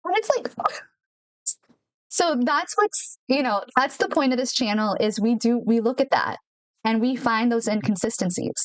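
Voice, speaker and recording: Woman podcast host rambling casually, fairly high voice, repeats stuff for emphasis, dry close mic. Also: expressive, unhurried, no room sound. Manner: chatty, repeats words for emphasis, laughs often. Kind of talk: casual talk to camera. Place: her home studio in Nashville. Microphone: studio microphone.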